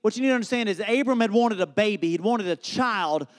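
Guy with a pretty high voice preaching, jokey storyteller, family story into the sermon. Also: quick pace. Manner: humorous, animated storyteller. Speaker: pastor.

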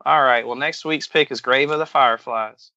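A man's voice: mid-range voice, normal speed, sharp tone, no room sound. A man hosting a comedy podcast, joking around in a put-on folksy rural drawl. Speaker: podcast host. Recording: dull lo-fi podcast audio.

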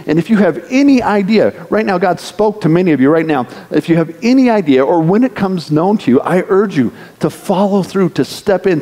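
A man delivers an earnest sermon and leads his congregation through prayer. His voice sits somewhat high yet sounds mellow and warm. A long reverb from a large church hall trails behind every phrase. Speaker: pastor.

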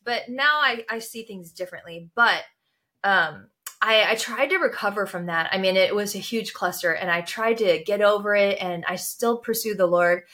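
A woman speaks with a bright, forceful voice at a middling pitch as a podcast guest. She tells her personal story with animation and leaps sharply upward in pitch whenever she quotes herself. The talk is relaxed conversation rather than a speech. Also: normal speed. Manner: animated storyteller who jumps to high pitch when quoting herself.

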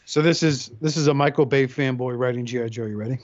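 A man in casual podcast chat, profanely riffing and acting out quick voices. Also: mid-range voice. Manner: animated, profane, acts out voices. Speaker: podcast co-host. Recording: dull lo-fi sound.

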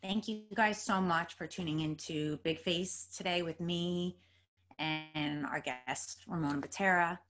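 A woman hosting a podcast, gushing and grateful, halting and restarting as she talks. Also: on the low side, fairly even intonation, fairly bright tone. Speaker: podcast host. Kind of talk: casual interview chat.

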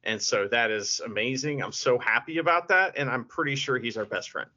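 A man co-hosts a casual podcast in a deadpan, mock-serious manner. His voice is bright and forceful at a middle pitch. The audio is dull and lo-fi. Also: a little fast. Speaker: podcast co-host. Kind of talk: casual chat.

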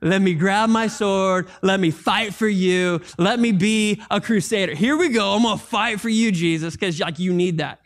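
A man's voice: high voice, normal speed, few pauses. A man voicing an impulsive, eager male disciple who boasts in loose, slangy phrasing.

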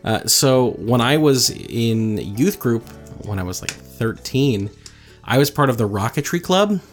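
Man, young adult, from New Jersey, teasing sarcastic co-host, mid-pitched voice, faint background music. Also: lively intonation, a little slow. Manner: teasing, sarcastic banter, swears casually. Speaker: podcast co-host. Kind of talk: casual chat.

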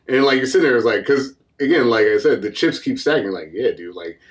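Podcast co-host, male, casual rambling recap, keeps slipping into bits. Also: mid-range voice. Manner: rambling, acts out characters in quick voices. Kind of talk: casual movie recap chat.

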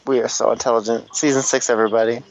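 A man's voice: medium pitch, flat delivery, rapid-fire, vocal fry. A man co-hosting a casual chat show, rambling and joking, with a stuffed-up nose and a tired voice. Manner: rambling, joking, swearing often. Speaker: podcast co-host. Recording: dull lo-fi sound.

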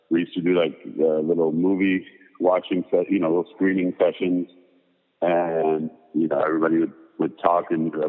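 A man, a photographer and designer, being interviewed and telling long casual stories full of fillers. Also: deep voice. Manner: rambling, filler-heavy anecdotes. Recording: tinny phone-like sound with long reverb.

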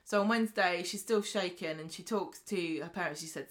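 A British woman co-hosting a podcast, briskly retelling soap episodes and acting out the characters' lines in casual chat. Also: on the low side. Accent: British English. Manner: brisk storytelling recap, acting out quotes. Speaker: podcast co-host.

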